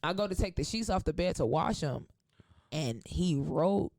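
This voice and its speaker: A woman comedian spins a long story in loose, casual chat. She is animated and profane, breaks into laughter often, and acts out the voices of the people in her tale. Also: fairly low pitch, moderate pace. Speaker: comedian guest.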